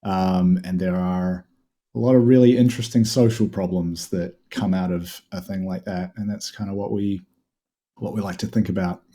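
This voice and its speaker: A relaxed New Zealand man in his thirties chats on a podcast over a call. His voice sits low and sounds warm and mellow. He drifts along with plenty of ums. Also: moderate pace. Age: 30s. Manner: relaxed, many filler ums. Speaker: podcast guest. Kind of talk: casual podcast chat.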